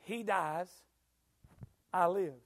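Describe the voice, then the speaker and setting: A man preaching a sermon in a church, swinging between quiet storytelling and shouted, rhythmic climaxes. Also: high-pitched, extremely slow. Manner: shouting, sing-song preaching cadence.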